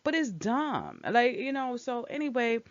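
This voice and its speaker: A woman's voice: on the high side, sing-song, measured pace, dry recording. A woman casually recapping a soap opera episode, talking back at the characters with strong opinions. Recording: dull lo-fi dry recording.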